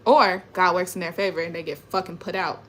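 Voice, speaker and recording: A young woman talking in a casual, emotional, rambling monologue, swearing often and trailing off quietly. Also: fairly low pitch, fairly quick. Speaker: spiritual vlogger.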